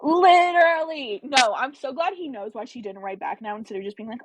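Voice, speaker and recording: A woman's voice: high voice, animated, normal speed, few pauses, poor audio. A woman hosting a casual book club livestream, chatting animatedly and answering viewer comments.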